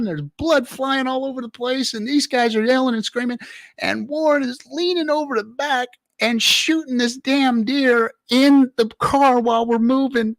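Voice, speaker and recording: In a very high, gravelly voice, a middle-aged man from California hosts a livestream, animatedly telling a rowdy, swear-filled anecdote between laughs and reading chat. The sound is clean studio audio with no room sound.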